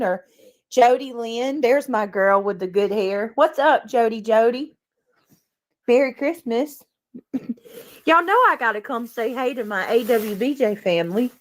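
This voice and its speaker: A middle-aged woman hosting a casual livestream, chatting warmly with viewers, greeting them by name, often clearing her throat. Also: fairly high pitch. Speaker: livestream host.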